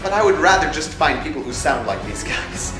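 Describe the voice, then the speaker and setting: A young man hosting a casual vlog that calls for voice actors for his fan film, animated and jokey, dropping into put-on voices. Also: on the high side, fairly quick. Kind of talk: casual casting-call vlog. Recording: echoey room with music behind.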